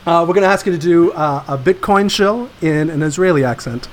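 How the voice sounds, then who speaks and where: A man's voice: on the high side, fairly quick, a little hiss or hum. A Canadian man co-hosting a casual comedy podcast, laughing often and easily sidetracked. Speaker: co-host. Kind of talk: casual chat.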